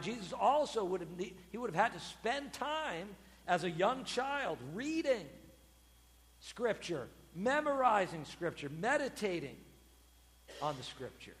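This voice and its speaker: Guy preaching, high voice, swings up and down a lot, big reverby church sound. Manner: expressive, acts out quoted voices with sudden loud bursts. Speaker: pastor. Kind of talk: sermon.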